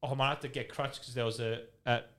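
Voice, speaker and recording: A man's voice: mid-range voice, fairly even intonation, fast, sharp tone. A man in his thirties with an Australian accent, a retired footballer chatting as a guest and telling candid, rambling stories with swearing and laughter. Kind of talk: casual podcast storytelling.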